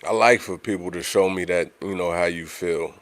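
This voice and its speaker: Deep voiced guy, chatting loose on his livestream, dry sound, lots of you know what im sayin. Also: fairly even intonation, moderate pace, a bit bright, dry recording. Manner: conversational, repeats himself, frequent "you know what I'm saying". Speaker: livestream host. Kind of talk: casual livestream talk.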